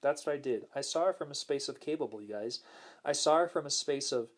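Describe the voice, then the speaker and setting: A man hosting a casual spiritual talk, speaking gently and smoothly, repeating words for emphasis and reading viewer comments aloud. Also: fast. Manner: acts out quoted lines in a higher voice. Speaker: host.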